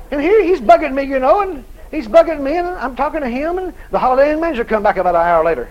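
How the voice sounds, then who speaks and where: A male preacher tells a ministry story in a very high voice with a lively, swooping pitch. He delivers it as an animated, chuckling anecdote. He breaks into loud, shouted prayer at times. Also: rapid-fire, hardly any pauses, dull audio, slight background noise. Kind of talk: storytelling sermon.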